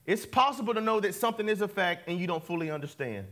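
High-voiced man preaching a sermon. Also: lively intonation, fast, sharp tone. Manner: call-and-response preaching, repeats key words. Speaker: pastor. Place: church sanctuary.

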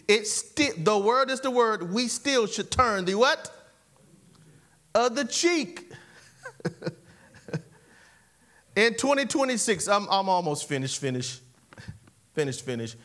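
A man with an unusually high voice delivers a sermon. He is animated and repetitive, and he laughs often as he leads call-and-response. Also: takes it slowly, pauses often. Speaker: preacher.

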